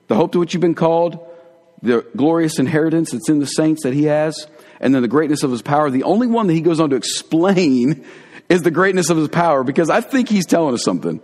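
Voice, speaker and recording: A man giving a conversational, earnest sermon as a pastor, dropping to hushed tones for emphasis. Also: fairly high pitch. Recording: long hall reverb.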